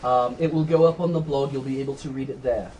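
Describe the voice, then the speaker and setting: A man's voice: medium pitch, steady tone, a little mellow, a little hiss or hum. A man hosting a charity stream in casual chat, talking freely and laughing easily. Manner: chatty, quick to laugh. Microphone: wearing headphones.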